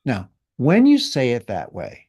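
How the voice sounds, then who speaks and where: A man guiding someone through a feeling exercise in a calm, gently directive coaching way. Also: mid-range voice, unhurried. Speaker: guest healer leading an exercise. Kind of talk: guided exercise in conversation.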